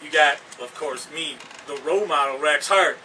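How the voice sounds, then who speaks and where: A boastful man delivers a wrestling promo interview with a high, piercing, tense voice. He trash-talks with swagger. The mic sits some way off, with a faint hiss behind him. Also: normal speed, pushed and bright. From Canada. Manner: cocky, boastful, trash-talking. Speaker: pro wrestler. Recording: distant mic with background noise.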